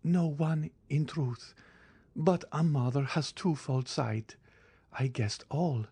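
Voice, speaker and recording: A man's voice: fairly high pitch, slow pace, mellow, husky, no echo, voice pushed up, exaggerated voice. A man reading an audiobook, voicing a despairing middle-aged noblewoman who pleads for her son. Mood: pleading. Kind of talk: audiobook character voice.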